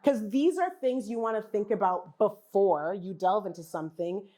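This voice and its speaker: A woman giving a conversational talk at a wellness summit, animated, posing questions to the audience and acting out what other people say. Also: medium pitch, normal speed. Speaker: genealogy practitioner and speaker. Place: summit event.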